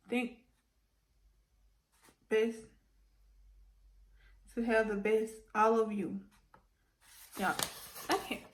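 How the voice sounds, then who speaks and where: A goofy, excitable woman chatting casually through an unboxing vlog, laughing and getting emotional as she reads notes aloud. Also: fairly high pitch, reverberant, low-quality recording. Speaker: vlogger.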